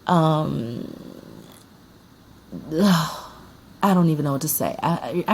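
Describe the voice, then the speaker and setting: Low-voiced chatty woman vlogger. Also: animated, a little slow, pauses often, a little mellow, slight background noise. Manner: chatty, emphatic, repeats herself for effect. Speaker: movie collector vlogger. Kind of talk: casual chat about films.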